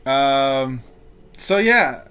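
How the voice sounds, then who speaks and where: Slow, halting tabletop game master. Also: mid-range voice, expressive, a bit bright, clean tone. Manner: slow, halting, many fillers.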